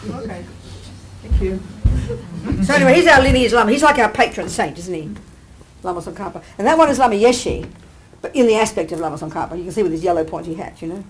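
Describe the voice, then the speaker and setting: A nun giving a dharma teaching in a blunt, emphatic, colloquial way, full of rhetorical questions. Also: female voice, medium pitch, lively intonation, fast talker, long pauses, slight background noise, low-quality recording. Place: meditation centre teaching hall.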